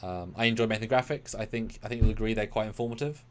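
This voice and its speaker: Rambling analytical man co-hosting a live stream. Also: on the low side. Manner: rambling, analytical, with fast bursts. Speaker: co-host of a live review show. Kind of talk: casual live-stream discussion.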